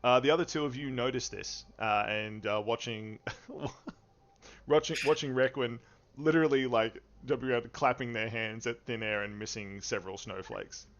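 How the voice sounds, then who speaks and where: A man narrating a tabletop game as game master, unhurried and easygoing, with frequent fillers and chuckles. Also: mid-range voice, steady tone, a bit bright. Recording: dull lo-fi stream audio.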